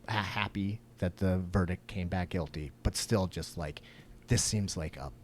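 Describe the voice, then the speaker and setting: A man co-hosting a podcast, talking in a rambling, profane way with many fillers and restarts. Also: deep voice. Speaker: podcast co-host. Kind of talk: casual chat.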